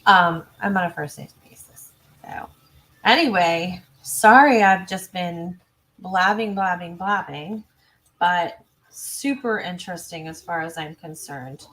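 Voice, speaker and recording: A woman hosting a true crime livestream, chatty and self-interrupting, reading viewer comments and adding quick asides. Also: on the low side, fairly bright tone. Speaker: true crime channel host. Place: home.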